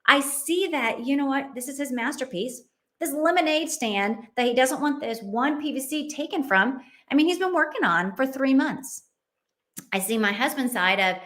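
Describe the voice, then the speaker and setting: A woman's voice: high-pitched, lively intonation, normal speed, fairly bright tone. A middle-aged woman hosting a Christian parenting show, telling a family story in an earnest, heartfelt way. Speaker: Christian parenting podcast host. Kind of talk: personal storytelling.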